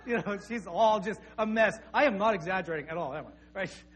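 High-voiced pastor preaching. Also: male voice, fairly quick, fairly bright tone. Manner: conversational, anecdotal, with repeated restarts. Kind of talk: sermon.

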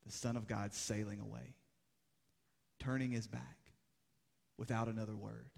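A young adult man preaching a sermon as pastor, moving between urgent, rising exhortation and hushed, grave passages. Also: lowish voice, little pitch movement, unhurried, gravelly. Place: church sanctuary. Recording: long hall reverb.

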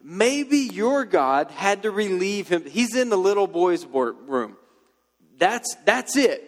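A man's voice: on the high side, animated, normal speed, long reverb tail, natural voice. A man voicing a swaggering male prophet who mocks his rivals in a teasing, sarcastic way. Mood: mocking.

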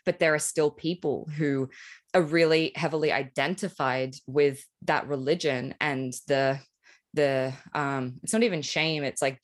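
Low-voiced woman chatting casually. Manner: chatty, frequent "like" fillers, casual swearing. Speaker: podcast host. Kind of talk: casual conversation.

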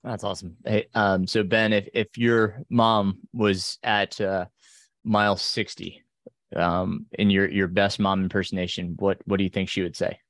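A man's voice: low voice, little pitch movement, a little slow, no echo. A man hosting a podcast interview in a casual, chatty way, laughing often as he listens. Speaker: podcast host.

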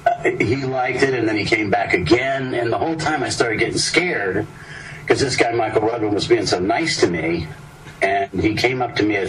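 Older man rambling through a story. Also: lowish voice. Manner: rambling, lively storyteller voicing quoted people. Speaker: actor telling a story. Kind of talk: casual anecdote in an interview. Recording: distant mic with clear background noise.

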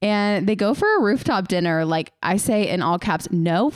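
A woman's voice: mid-range voice, expressive, moderate pace, dry recording, studio quality. A young woman co-hosting a podcast, chatting casually through a movie recap, saying "like" constantly and swearing freely. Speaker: podcast co-host.

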